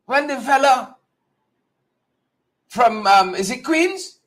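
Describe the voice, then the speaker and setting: A man hosting a live political talk show, talking straight to viewers in a mocking, animated way. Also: very high-pitched, takes it slowly, long pauses. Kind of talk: casual live-stream commentary.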